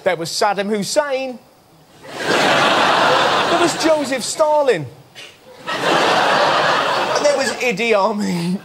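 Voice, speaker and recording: Cheeky high-voiced male comedy host. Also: expressive, extremely slow, long pauses, very noisy. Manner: cheeky, mocking, with sudden voiced asides. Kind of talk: stand-up topical comedy monologue. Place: television studio stage before a live audience. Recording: studio audience roaring with laughter.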